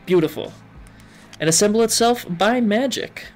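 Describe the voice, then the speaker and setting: A young man giving jokey let's-play commentary, chatting to the game's characters. His voice swings widely up and down, and he talks at an unhurried pace. Faint music plays behind him. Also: on the high side, big pitch swings, gravelly, fairly bright tone. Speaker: gaming video host.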